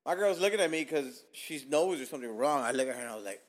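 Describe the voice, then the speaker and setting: A young man tells a long story on his podcast. He talks casually and swears a lot. He drops to a whisper or jumps up in pitch when he acts out his own lines. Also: lively intonation, quick pace. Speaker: podcast host.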